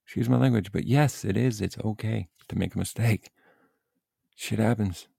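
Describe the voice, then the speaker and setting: A man with a deep, dark voice and heavy vocal fry gives youth baseball advice as a coach and parent. He vents bluntly and swears freely, in a casual, animated rant. The sound is dry and close. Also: moderate pace, no room sound. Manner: blunt, profane, animated venting.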